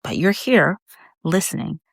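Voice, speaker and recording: Middle-aged woman, low voice, heartfelt podcast talk, fighting back tears, dry close mic. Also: animated, unhurried, creaky, husky, dry recording. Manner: heartfelt, conversational, addresses listener as friend. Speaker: podcast host. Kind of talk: faith-based podcast monologue.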